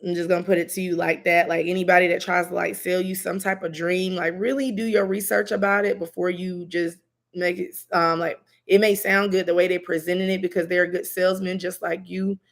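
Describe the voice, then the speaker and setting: A woman's voice: on the low side, level tone, fairly quick. A woman doing a live-stream intuitive reading, talking casually with lots of fillers. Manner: casual, rambling, filler-heavy. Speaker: intuitive reader.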